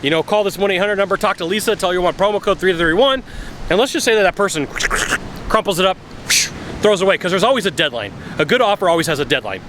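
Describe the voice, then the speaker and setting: A man's voice: sits high, expressive, fast, a bit bright, slight background noise. A man giving blunt sales advice in a casual vlog, acting out phone calls as he talks. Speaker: sales coach. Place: outdoors by a bay.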